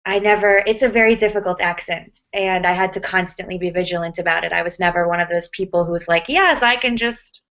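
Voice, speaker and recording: A woman's voice: fairly low pitch, flat delivery, quick pace, hardly any pauses, a bit bright. Chatty American woman, muffled audio. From United States. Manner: chatty, many fillers and restarts. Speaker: actress, interview guest. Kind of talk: casual interview answers.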